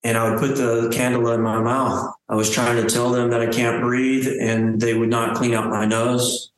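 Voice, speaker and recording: A man telling his survival story as an interview guest, halting and restarting his phrases. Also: medium pitch, flat delivery. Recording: very echoey room.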